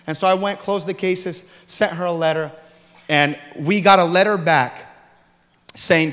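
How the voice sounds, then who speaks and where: Animated preacher man, echoing church hall. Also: high voice, measured pace, slight background noise. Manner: animated storyteller, acting out dialogue with big swings from hushed to loud. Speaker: preacher giving testimony. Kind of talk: sermon testimony storytelling. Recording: long hall reverb.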